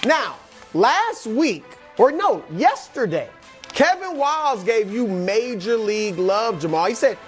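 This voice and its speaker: Animated man hyping players on a sports show. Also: very high-pitched, measured pace, soft background music. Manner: animated, hyped motivational delivery addressed to players. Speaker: co-host. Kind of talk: sports talk show segment.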